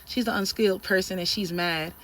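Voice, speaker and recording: A woman telling a story in a casual vlog, animated and emphatic, with lots of slang. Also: medium pitch, a little fast. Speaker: trucking trainee telling a story.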